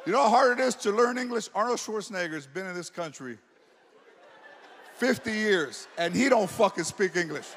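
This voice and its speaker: Loud, profane stand-up comedian man. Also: high voice, expressive, normal speed. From United States. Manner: loud, profane, punchy, mixes in Spanish words. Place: large comedy venue. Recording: live show with crowd noise.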